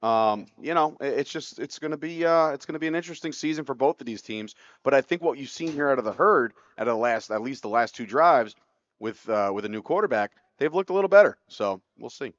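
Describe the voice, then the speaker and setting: A man's voice: medium pitch, lively intonation, brisk, no room sound, lo-fi sound. A man calling a live football game as play-by-play commentator, his voice rising sharply on big plays.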